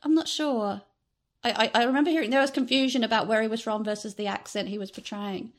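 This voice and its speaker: A woman's voice: a little high, steady tone, fast talker. A woman from Australia co-hosting a casual podcast discussion. She is chatty and opinionated, with hesitant fillers. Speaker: podcast co-host.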